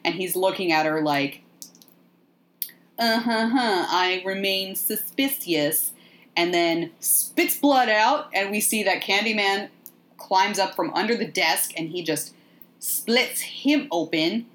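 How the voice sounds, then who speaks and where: A woman hosting a podcast, recapping a movie in a sardonic, profane, animated way. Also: fairly low pitch, measured pace. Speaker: podcast host. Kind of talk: casual movie recap chat.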